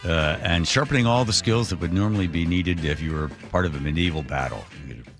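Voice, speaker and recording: A man's voice: sits low, fast, music in the background. A man hosting a radio show, joking and telling a story in casual banter. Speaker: radio host. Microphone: studio mic.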